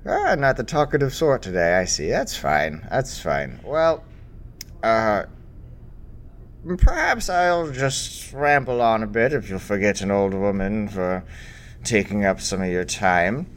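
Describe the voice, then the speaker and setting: A man's voice: lowish voice, big pitch swings, unhurried, a little hiss or hum. A man voicing a very old female Jedi grandmaster who talks in a kindly, rambling way.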